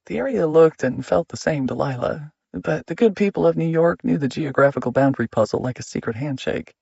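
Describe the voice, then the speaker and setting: A man narrating an audiobook in a measured, steady reading. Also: a little high, gravelly, breathy edge, no echo, muffled recording.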